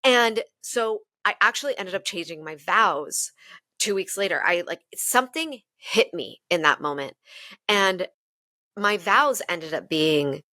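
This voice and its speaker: A woman's voice: lowish voice, measured pace, no room sound. A woman guest on a relationship podcast, telling personal stories openly and with animation. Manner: open, animated storytelling with self-deprecating laughs. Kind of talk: candid podcast conversation.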